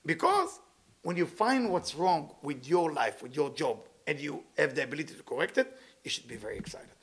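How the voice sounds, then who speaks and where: High voiced guy with a gravelly edge doing a spiritual pep talk, broken english, playful and animated, piles up long lists. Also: moderate pace. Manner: speaks non-native English with dropped words. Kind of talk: motivational talk.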